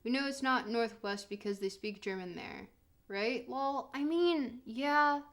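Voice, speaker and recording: A woman's voice: a little high, measured pace, fairly bright tone. A woman streamer giving casual, joking commentary while playing, talking straight to her chat. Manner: chatty and joking, answers chat directly.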